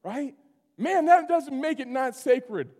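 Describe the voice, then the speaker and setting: A male pastor delivers a lively sermon in a high, ringing voice. He swings from loud exclamations down to hushed asides. The sound carries a long hall reverb. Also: slow pace. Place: church sanctuary.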